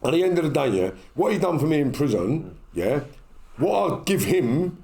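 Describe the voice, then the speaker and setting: Animated, gravelly high-voiced man. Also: moderate pace. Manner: animated, streetwise and emphatic, repeating his points. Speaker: podcast host. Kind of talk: candid storytelling in a casual podcast chat.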